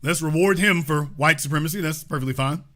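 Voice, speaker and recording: A man's voice: a little high, fairly quick, a bit bright. A man hosting a commentary show, reading news aloud and breaking in with emphatic remarks, repeated points and pointed rhetorical questions.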